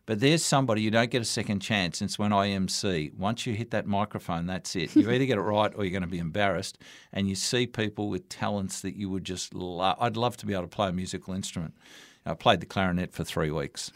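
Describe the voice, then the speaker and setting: Older man, Australian accent, lowish voice, dry close sound, anecdotal storyteller. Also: no room sound. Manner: anecdotal, warm storytelling with quoted dialogue. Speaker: radio broadcaster and MC. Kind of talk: storytelling interview answers.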